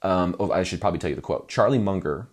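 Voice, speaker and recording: A man's voice: low voice, animated, fast talker. A man coaching musicians in a conversational, self-deprecating talking-head video, often checking in with "right?".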